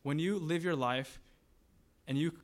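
A man's voice: on the high side, a little slow. Conversational male pastor preaching. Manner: conversational, asks the congregation questions and acts out grumbling voices. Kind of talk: sermon.

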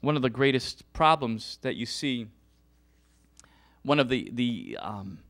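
A man's voice: medium pitch, big pitch swings, slow pace, gravelly, fairly bright tone. A middle-aged man preaching a passionate sermon, full of restarts and repetitions. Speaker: pastor.

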